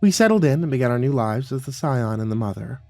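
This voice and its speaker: A man voicing a sly woman cult leader who talks in a soft, purring murmur. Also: mid-range voice, animated, quick pace, no echo, faint music behind, lightly acted. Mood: musing.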